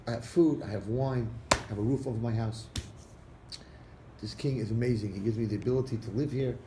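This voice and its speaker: A man, a rabbi, telling a parable to an audience and acting out the characters' lines with lively shifts. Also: medium pitch, a little fast. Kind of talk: storytelling talk to an audience. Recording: echoey room recording with faint background noise.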